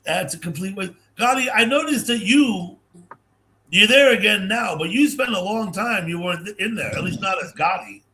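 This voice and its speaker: A man's voice: sits high, lively intonation, moderate pace, sharp tone. An older man chatting as a guest on a livestream over a video call, easygoing and storytelling. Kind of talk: casual livestream chat.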